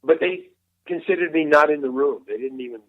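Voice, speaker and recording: A man's voice: fairly high pitch, a little fast, dry recording. An older man, a veteran actor, telling rambling anecdotes in an interview and acting out the dialogue he quotes. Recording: tinny phone-like line, dry.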